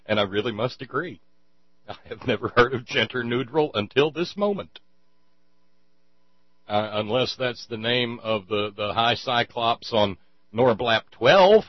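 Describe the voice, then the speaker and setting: A man's voice: medium pitch, expressive, measured pace, dry recording, dull audio. A man giving sarcastic, rambling commentary on sermon clips, stumbling over restarts as he mocks them. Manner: mocking, rambling, stuttering restarts.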